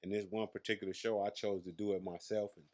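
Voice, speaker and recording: A man's voice: on the low side, flat delivery, fast. A man in his thirties from Las Vegas, a comedian guest telling brash, profane stories in a casual interview. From Las Vegas, USA. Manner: brash, profane, boastful storyteller.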